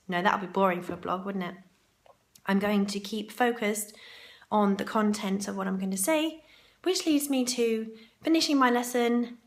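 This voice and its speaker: A woman's voice: medium pitch, normal speed. A woman vlogging to camera in a chatty, rambling way, her throat sore and groggy. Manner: chatty and rambling, with asides to herself. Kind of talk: chatty vlog monologue. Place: hotel ladies' room for part of it.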